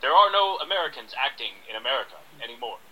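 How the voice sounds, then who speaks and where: Brief: man as a slick, lecturing acting teacher, very bright, sharp voice. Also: medium pitch, big pitch swings, low-quality recording. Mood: smug. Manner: smug, lecturing, drawn-out emphasis. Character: pompous scamming male acting coach. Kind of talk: improvised radio sketch.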